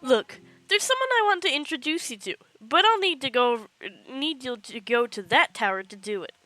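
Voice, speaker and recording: A woman's voice: sits high, animated, normal speed, pushed and bright, no echo, voice pushed up, poor audio. A woman voicing a mischievous female imp who teases and taunts in a sing-song way over gameplay. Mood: teasing. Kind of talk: fan voice acting over gameplay.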